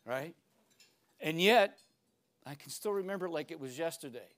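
An older man giving a lecture, emphatic and declamatory, with dramatic pauses between phrases. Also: fairly high pitch, lively intonation, a bit bright. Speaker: speaker.

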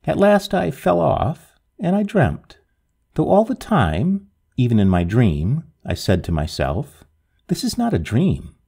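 Husky male storyteller with a dramatic reading. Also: medium pitch, sing-song, slow pace, dark tone. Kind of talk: reading a Victorian ghost story aloud.

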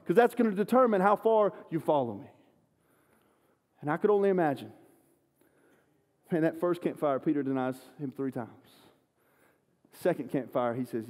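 A man preaching a sermon, an animated, self-deprecating storyteller. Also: on the high side, fairly quick, pauses often. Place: church sanctuary. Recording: long church hall reverb.

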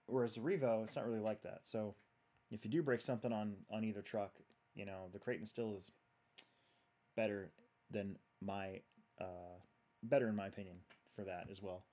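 In a steady, dark-toned voice that sits fairly low, a man speaks at a normal speed while hosting a livestream. He builds as he talks, chatty and rambling, reading his viewers' comments aloud.

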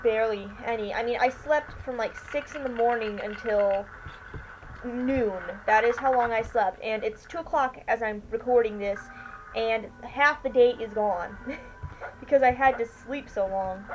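A woman's voice: on the high side, moderate pace, poor audio. A tired, yawning woman giving rambling, chatty commentary while she plays a video game. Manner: chatty, rambling, keeps saying "anyway". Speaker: let's player. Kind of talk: casual gameplay commentary. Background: faint washing machine hum.

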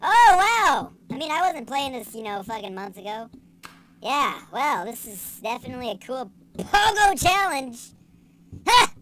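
A young woman giving casual let's-play commentary, excitable and sarcastic, swearing and yelling at the game. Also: high voice, normal speed, a little hiss or hum. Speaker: gaming channel host.

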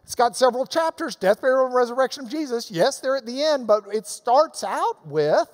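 A man's voice: very high-pitched, brisk, big-room sound. Emphatic man teaching a Bible class. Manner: emphatic, animated, swings between loud and soft. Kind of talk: lecture answering questions.

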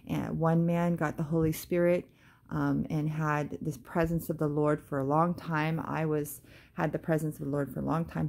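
Christian vlogger, woman, low voice, loose devotional storytelling full of fillers. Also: gravelly, a little mellow. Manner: casual, hesitant, with many ums and praise exclamations.

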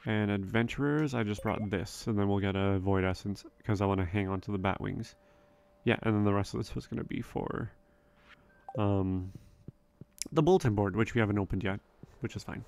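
Low gravelly man thinking aloud. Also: moderate pace, a little mellow. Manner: rambling, thinks aloud, frequent likes and ums. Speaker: let's play gamer. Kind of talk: relaxed gameplay commentary.

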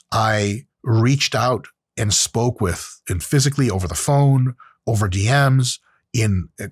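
A man's voice: mid-range voice, slightly rough, no room sound, clean studio sound. A man in his late thirties hosting his own show, talking in a blunt, profane, casual solo monologue. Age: late 30s. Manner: blunt and profane, with acted-out quotes. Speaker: host.

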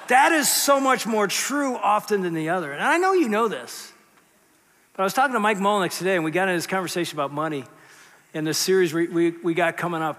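Man, pastor, sermon, conversational, hushed to emphatic, high voice, long hall reverb. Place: church sanctuary.

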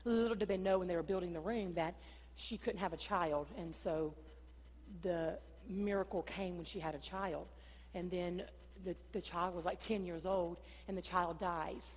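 A woman's voice: lowish voice, steady tone, normal speed. Woman pastor preaching with long hall reverb. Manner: preaching with dramatic rises and drops, acting out dialogue. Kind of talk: sermon. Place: church sanctuary.

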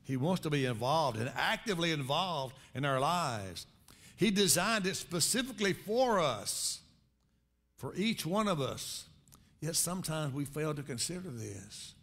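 A man preaching a sermon as pastor, conversational, swinging between quiet reflection and loud emphatic rises. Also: sing-song, measured pace, vocal fry. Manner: conversational preaching with sudden rises in pitch and volume.

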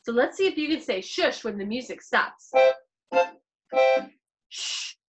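A woman's voice: fairly high pitch, expressive, unhurried, a bit bright, low-quality recording. A woman teaching a virtual piano class to preschoolers in a sing-song, playfully exaggerated way. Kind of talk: virtual music class for young children.

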